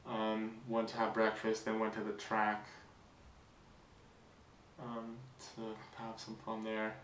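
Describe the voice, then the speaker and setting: A young man vlogging a casual weekend recap, rambling with fillers and restarts, excited. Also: lowish voice, slow pace, echoey room, recorded from a distance, a little hiss or hum, poor audio.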